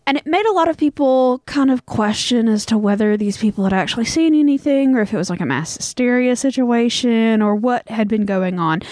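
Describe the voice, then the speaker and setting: A woman's voice: on the high side, expressive, a little fast, few pauses, darkish tone, no echo, studio quality. A young woman with a Southern US accent co-hosting a podcast, telling a story in a rambling, casual way full of fillers. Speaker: podcast co-host.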